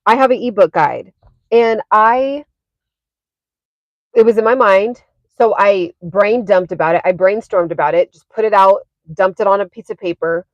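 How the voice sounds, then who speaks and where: A woman's voice: medium pitch, moderate pace, no echo, lo-fi sound. A woman talking casually on a livestream from her parked car, chatty with lots of fillers and laughs. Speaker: fitness and wellness creator.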